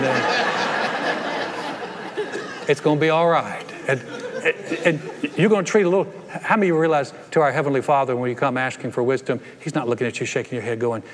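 A man preaching a sermon as pastor, animated and acting out playful voices. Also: on the high side, brisk. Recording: long reverb of a large hall.

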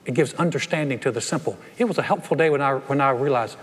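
A man preaching a sermon as pastor, animated and acting out playful voices. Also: medium pitch, fast, husky. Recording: long reverb of a large hall.

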